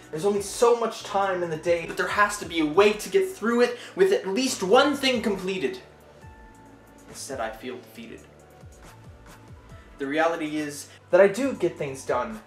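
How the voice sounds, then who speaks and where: A man recites spoken-word poetry in an echoey room, moving between forceful loud lines and hushed low ones. Faint music runs underneath. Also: expressive, normal speed. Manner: intense, swinging between loud outbursts and quiet low lines.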